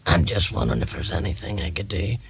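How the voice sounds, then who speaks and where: A man voicing a croaky-voiced audience member in a comedy sketch. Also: low-pitched, very animated, quick pace, heavily acted. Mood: earnest. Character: croaking man caller with an embarrassing problem.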